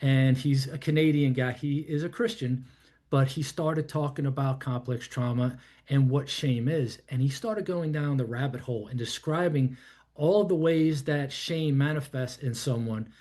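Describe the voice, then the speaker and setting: A New York man in his fifties, medium-pitched with a darkish tone and moderate pace, tells his life story to a podcast host. His candid account rambles reflectively, full of "you know" and "I'm like."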